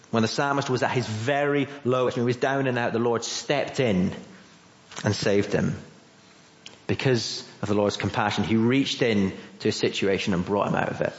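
British man preaching in a roomy church. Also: lowish voice. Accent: British English. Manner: earnest, conversational, asks the listeners questions. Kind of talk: sermon. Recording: roomy, dull church audio.

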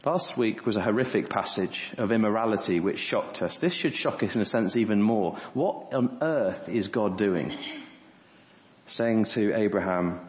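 A man's voice: mid-range voice, expressive, moderate pace. A man preaching an earnest sermon as a pastor, acting out quoted speech in a raised voice. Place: church hall. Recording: dull reverberant church recording.

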